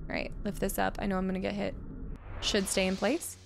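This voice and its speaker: A woman streaming a video game, chatting and reacting excitedly as she plays. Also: medium pitch, brisk, creaky, background noise. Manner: chatty, excitable, jumps between chat and gameplay. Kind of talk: live-stream chat while playing.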